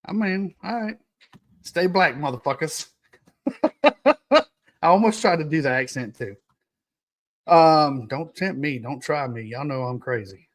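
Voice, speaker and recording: A man's voice: on the high side, lively intonation, measured pace, long pauses. A young man hosting a casual solo podcast, reading notes aloud and joking with his live chat, laughing often. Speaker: podcast host.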